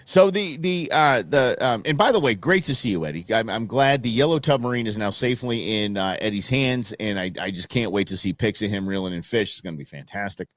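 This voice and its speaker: A man's voice: lowish voice, animated, a little fast, few pauses, fairly bright tone, no room sound. A man hosting a live show, ranting casually and sarcastically, often stammering and repeating words as he goes. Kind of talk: casual livestream rant.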